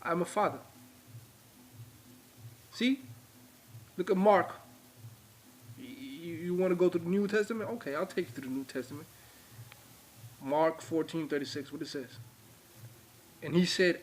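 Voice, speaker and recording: A man's voice: on the high side, a little slow, long pauses, slight background noise. A man giving an informal religious lecture, repeating points and speaking straight to his viewers. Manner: emphatic, repetitive, addresses viewers directly. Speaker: religious teacher.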